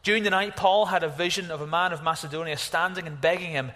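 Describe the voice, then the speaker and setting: A man preaches a sermon in a reverberant church hall. His voice is fairly high and bright. He is animated, exclaiming at times and dropping to a hush at others. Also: quick pace. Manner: animated, exclaiming, varies from loud to hushed. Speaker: pastor.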